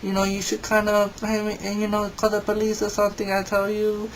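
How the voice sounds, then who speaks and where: A man's voice: high voice, monotone, brisk, a little hiss or hum, voice pushed up, lightly acted, poor audio. A man voicing his flustered middle-aged mother who has a Spanish accent and stammers as she talks. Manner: hesitant, stammering.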